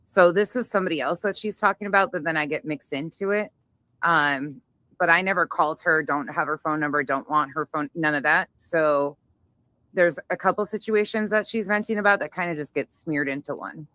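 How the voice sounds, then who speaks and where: A woman's voice: low voice, fairly quick, pushed and bright, no echo. A woman hosting a livestream, commenting bluntly on a clip to her chat. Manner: blunt, talks over clips to chat. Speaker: livestream host.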